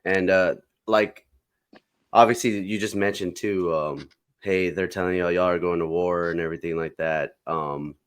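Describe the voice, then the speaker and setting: A man hosts a podcast and asks casual questions in a low voice. He talks loosely and fills his questions with "like". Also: fairly even intonation, normal speed, clear, resonant tone. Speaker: podcast host.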